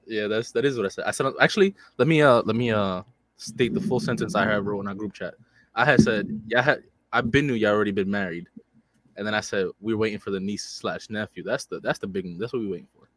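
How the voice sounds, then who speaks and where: A man's voice: lowish voice, fast, a bit bright, dry recording. A young man co-hosting a podcast, joking and teasing his friend in casual chat. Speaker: podcast co-host.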